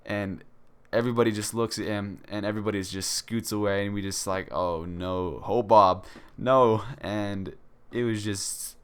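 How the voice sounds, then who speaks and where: A young man talks straight to his audience in a low, smooth voice. He rambles through a casual story, stacking fillers and restarting his sentences as he goes. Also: level tone, normal speed. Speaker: vlogger.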